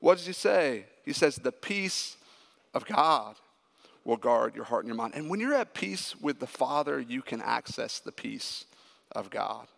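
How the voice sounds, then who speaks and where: A man preaching a sermon as a pastor, emphatic and animated when he tells stories. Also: mid-range voice, unhurried, gravelly. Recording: echoey hall with long reverb.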